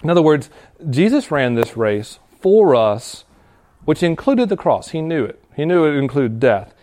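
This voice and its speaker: Here the pastor's voice is a little high and darkish in tone, with big pitch swings. He earnestly and conversationally preaches to students, reading passages of scripture and explaining them, with restarts and quick laughs.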